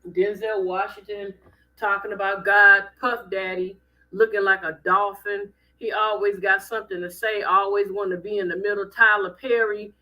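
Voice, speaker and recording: Bright, blunt woman ranting on a live stream. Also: medium pitch, moderate pace, poor audio. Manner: animated, blunt, preachy ranting. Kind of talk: casual live-stream commentary.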